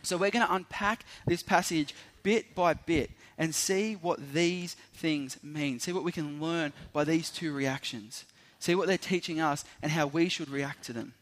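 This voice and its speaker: A young man, preaching a sermon that opens with a lively story in which he acts out the people involved. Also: a little high. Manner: animated storyteller, acting out voices.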